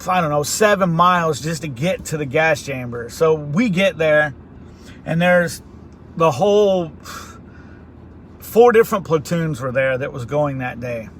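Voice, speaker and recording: Bright high-voiced man telling stories. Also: a little slow, slight background noise. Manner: animated, acts out quoted voices. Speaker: vlog host. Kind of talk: casual storytelling. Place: inside a car.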